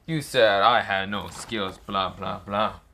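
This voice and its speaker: A man voicing a cold, confident young male ninja who speaks calmly and menacingly, close to his own lowish voice. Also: slow, a little hiss or hum, exaggerated voice. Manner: calm, menacing.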